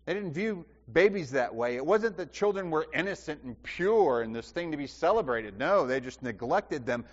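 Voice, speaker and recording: A man's voice: fairly high pitch, animated, normal speed. A man preaching a sermon, asking the congregation questions and repeating phrases for emphasis. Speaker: pastor. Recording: dull sound with long hall reverb.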